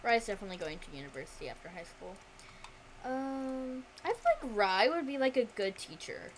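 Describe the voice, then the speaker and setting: A woman's voice: fairly high pitch, sing-song, normal speed, slight background noise. A young woman streaming a life-simulation game, chatting casually to her viewers and coaxing her characters along. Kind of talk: casual gameplay commentary.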